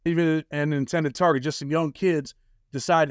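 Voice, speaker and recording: A man's voice: a little high, steady tone, moderate pace, smooth, no echo, clean studio sound. A man hosting an interview, asking direct, blunt questions in a casual way. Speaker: interviewer host.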